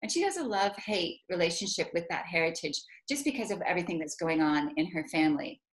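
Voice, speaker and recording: A woman's voice: lowish voice, expressive, fast. Canadian woman, author-interviewer, upbeat and chatty on a video call. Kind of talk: casual video call chat.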